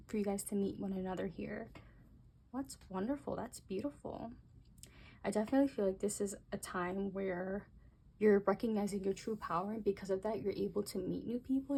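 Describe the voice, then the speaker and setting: A young woman doing a casual tarot reading, talking gently and musing aloud, with soft exclamations as she turns the cards. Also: mid-range voice, gravelly, slight background noise. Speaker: tarot reader.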